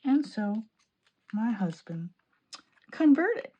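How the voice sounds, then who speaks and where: A woman from Illinois chatting excitedly while decorating her planner, laughing often. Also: on the high side, takes it slowly, slightly rough, muffled recording. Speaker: planning vlogger. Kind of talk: chatty crafting vlog.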